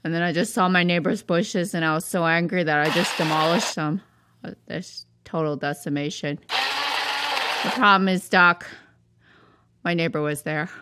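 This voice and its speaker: A woman's voice: lowish voice, normal speed, background noise, natural voice. A woman voicing a gloomy, destructive male tornado in a cartoon, complaining to his therapist in a whiny, exasperated way. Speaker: therapy patient. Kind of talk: cartoon voice acting.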